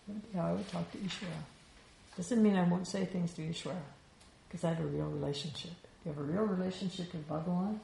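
A woman with a low, gravelly voice gives a spiritual teaching in an easy, conversational way and keeps checking in with her listeners. She is recorded in an echoey room with a faint hum of ambience behind her. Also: darkish tone. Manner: reflective, conversational, frequent "you know". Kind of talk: Vedanta teaching talk.

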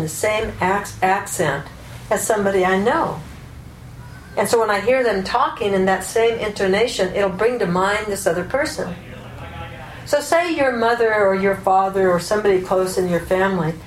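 A woman giving a spoken teaching talk as a psychologist and Vedanta teacher, explaining thoughtfully with examples and asides. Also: mid-range voice. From United States. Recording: echoey room, faint room noise.

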